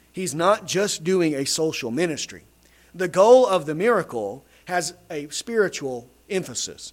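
A man with a high voice preaches a sermon. He speaks emphatically and drives his points home by repeating key phrases.

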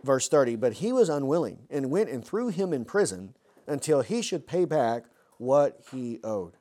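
A man's voice: medium pitch, sing-song, moderate pace, dark tone. A man preaching an expository sermon, earnest and full of rhetorical questions.

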